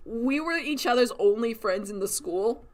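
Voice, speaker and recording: A woman's voice: fairly high pitch, lively intonation, normal speed. A young woman chatting casually on a livestream, sarcastic and giggly, laughing often and acting out quoted voices. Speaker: streamer chatting while drawing.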